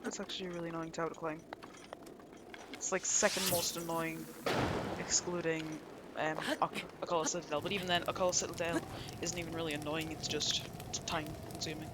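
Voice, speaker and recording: A man's voice: on the high side, flat delivery, fairly quick, heavy background noise. A man with an English accent giving casual, rambling, jokey commentary over a game playthrough. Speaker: gameplay streamer. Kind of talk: casual let's-play commentary.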